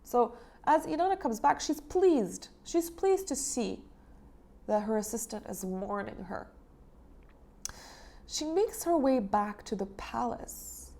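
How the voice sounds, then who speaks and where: A woman's voice: a little high, big pitch swings, takes it slowly, warm tone. A woman hosting her channel, casually retelling an ancient poem in a chatty, irreverent way with fillers and the odd swear word. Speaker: host.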